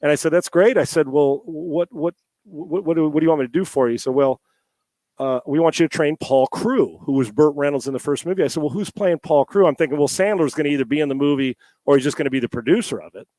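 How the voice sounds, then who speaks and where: A man's voice: on the high side, fast talker, dry recording. Man telling a story in a dry, close voice. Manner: lively, rambling, with restarts and swearing. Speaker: podcast guest, former quarterback. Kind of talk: storytelling in a casual interview. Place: at home. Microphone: headset.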